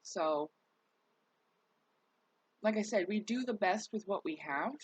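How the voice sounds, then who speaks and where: A woman's voice: mid-range voice, lively intonation, slow pace, husky, no echo, rough recording. A worn-out woman talking candidly to her viewers in a rambling, casual vlog, cursing now and then. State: worn out, recovering. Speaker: vlogger.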